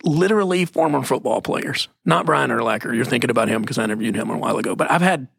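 Man, middle-aged, gravelly, husky, emphatic preachy delivery, dry close sound. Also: mid-range voice, fairly bright tone, no room sound. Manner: emphatic, preachy, drops into slow stressed phrases. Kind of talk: conversational Christian teaching.

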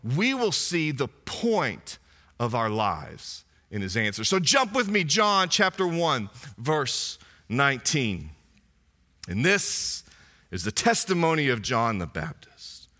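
A male pastor, preaching a sermon in an animated, conversational way full of asides. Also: medium pitch, slow pace.

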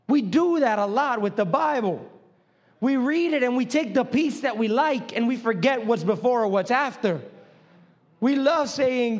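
A young male pastor preaches a sermon in a loose, conversational style and jokes with his congregation. His voice sits high for a man. He talks in an animated, lively way.

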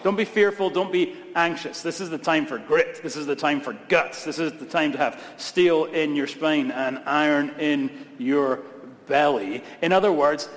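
Pastor preaching in a reverberant hall. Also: male voice, on the high side. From Scotland. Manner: emphatic, repetitive cadences with humorous asides. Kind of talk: sermon. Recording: long reverb of a large hall.

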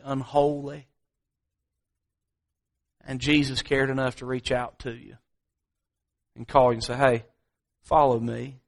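A male pastor preaching a sermon, slow and emphatic, repeating key phrases. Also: fairly high pitch, a bit bright.

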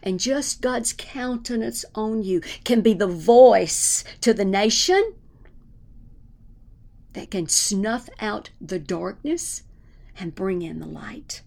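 In a slow, expressive, mid-range voice with a gravelly, fry-heavy texture, a woman preaches a fervent sermon. She moves from emphatic declarations down into hushed, whispered prayer.

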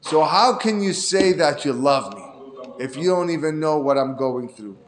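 Brief: a man playing a drunk male villager, pleading, slurred, on the high side. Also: expressive, moderate pace, slight background noise, close to an everyday voice.

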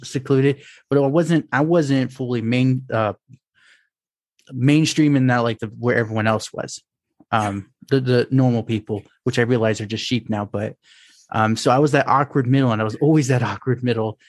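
A man hosting a casual podcast, speaking in a hesitant, halting way and often stopping to restart his sentences. His voice sits at an ordinary pitch. The sound is dry and close, with no room around it. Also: steady tone, dry recording. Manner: hesitant, many fillers and restarts, self-described introvert. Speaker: podcast host.

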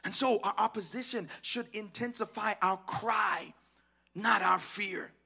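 A male pastor preaching with passion in a sing-song cadence, swinging between shouts and hushed asides and calling on the congregation to respond. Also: high voice, unhurried, gravelly, husky. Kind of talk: sermon.

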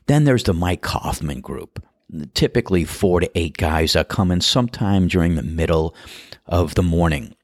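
A middle-aged man hosts a podcast and tells stories in a relaxed, chatty, amused way. His voice is very low. It is recorded on a close mic in a dry, dead space. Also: normal speed, dry recording. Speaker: podcast host and golf course starter. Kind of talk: storytelling monologue.

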